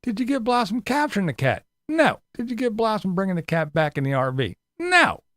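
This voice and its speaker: A man's voice: sits high, big pitch swings, fairly quick, a bit bright, no room sound. Sarcastic ranting man vlogger. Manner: sarcastic, profane. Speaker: commentary vlogger. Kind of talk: mocking commentary rant.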